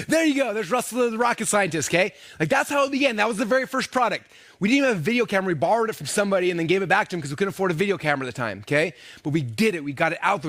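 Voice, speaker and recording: Rapid, animated male seminar speaker, somewhat high voice, dry close sound. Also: no room sound. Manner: animated, acts out quoted dialogue with many fillers. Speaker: speaker teaching online business. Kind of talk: energetic seminar storytelling.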